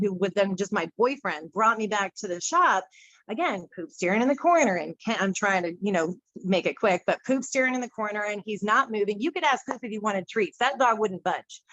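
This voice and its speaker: Woman, chatty storyteller, middle pitch, dry close sound. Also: no echo. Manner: chatty, animated storyteller acting out quotes. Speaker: medium guest speaker. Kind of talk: casual storytelling talk. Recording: dull muffled sound, dry room.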